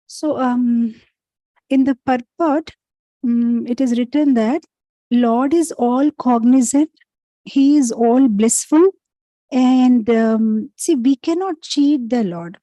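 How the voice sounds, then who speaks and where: A woman's voice: fairly high pitch, warm tone, no room sound, rough recording. A woman teaching an informal scripture class, talking conversationally with many fillers and telling stories. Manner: conversational, many fillers, chants verses slowly. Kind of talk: informal scripture lesson with storytelling.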